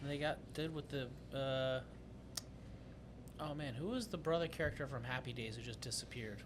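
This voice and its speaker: A young man co-hosting a casual podcast, curious and quick to jump in with questions. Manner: curious, keeps asking questions and jumping in. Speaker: podcast co-host. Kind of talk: casual chat. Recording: noisy room with a clear background rumble.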